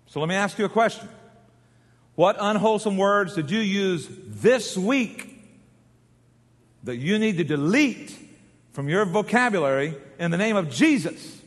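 A man preaching a sermon in a folksy, joking way, getting the congregation to repeat lines. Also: high-pitched. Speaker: pastor. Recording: long hall reverb.

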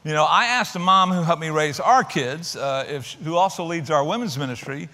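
A man's voice: fairly high pitch, a little fast. A pastor, joking and welcoming his congregation in a sermon. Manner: jokey, warm-hearted, uses fillers. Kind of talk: sermon and stage interview. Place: large church. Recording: echoey church hall.

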